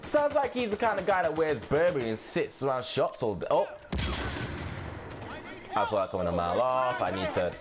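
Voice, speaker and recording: A man's voice: mid-range voice, very animated, normal speed, pauses often. A man giving casual, offhand gameplay commentary, swearing and thinking aloud as he plays.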